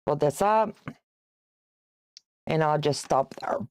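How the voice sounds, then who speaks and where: A woman's voice: sits low, expressive, slow pace, darkish tone, clean tone, no room sound, clean studio sound. A woman in her sixties hosting a quilting livestream. She chats casually while she sews, teases viewers and greets them by name, and laughs often. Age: 60s. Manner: chatty and teasing, reads out viewer comments, laughs often.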